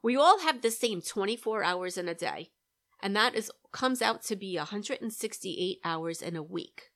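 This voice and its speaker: A woman's voice: medium pitch, animated, normal speed, a bit bright. Middle-aged female host, direct coaching talk with frequent "right?" checks. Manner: coaching, keeps asking "right?". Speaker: podcast host, money coach. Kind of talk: solo podcast advice talk.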